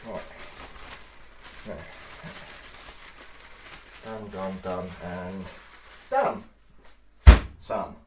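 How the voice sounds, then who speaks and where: A man chatting and swearing casually as he cuts meat in his home kitchen. He laughs often and gets loud and then quiet. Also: low-pitched, flat delivery, very slow, pauses often, noisy background. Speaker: vlogger. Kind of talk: casual cooking vlog. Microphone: mic on the kitchen table.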